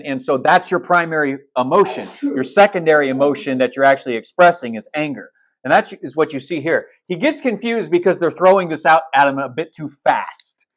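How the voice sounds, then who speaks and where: Casual storytelling preacher man. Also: on the high side. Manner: casual, storytelling, retelling film scenes with restarts; blunt asides. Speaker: pastor. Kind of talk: sermon.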